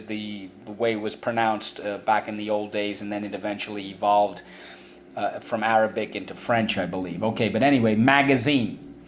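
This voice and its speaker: A man's voice: on the low side, slight background noise. A middle-aged male teacher giving a spelling and vocabulary lesson to children, patiently explaining each word with many examples.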